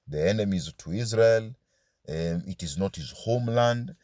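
A man's voice: lowish voice, moderate pace, mellow, no room sound, clean studio sound. A man preaching a sermon as pastor, asking his listeners question after question and dropping into Swahili asides.

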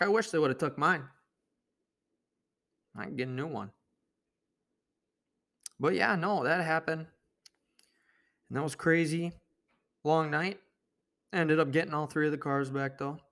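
A man's voice: on the high side, a little slow, pauses often, pushed and bright. A young man hosting a podcast, telling a rambling, profane story in a laid-back, casual monologue. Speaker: podcast host.

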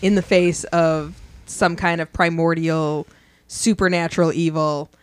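A woman's voice: low-pitched, a little slow, clear, resonant tone. A woman co-hosting a podcast, chatting casually, swearing and joking as she tells stories. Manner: profane, joking, animated storytelling. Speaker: podcast co-host. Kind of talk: casual chat.

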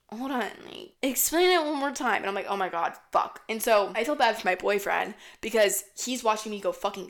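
Profane young woman telling a rambling story. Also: medium pitch. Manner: profane, rambling, animated retelling. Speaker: podcast host. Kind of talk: casual storytelling.

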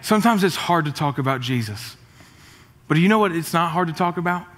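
High-voiced, energetic pastor in a hall. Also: male voice, brisk. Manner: energetic, joking, rising to shouts. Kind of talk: sermon. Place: church auditorium. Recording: reverberant church hall.

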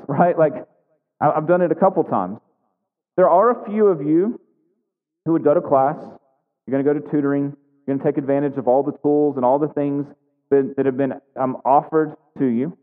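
A man's voice: on the high side, a little fast. A man preaching a sermon in a conversational way, often asking his congregation questions. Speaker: pastor. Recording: tinny phone-like sound, long reverb in a hall.

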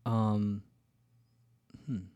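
Low-voiced rambling podcast guy. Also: little pitch movement, extremely slow, dark tone, clear, resonant tone, no room sound, dull audio. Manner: rambling, candid, self-deprecating, full of fillers. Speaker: podcast host. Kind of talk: casual solo storytelling.

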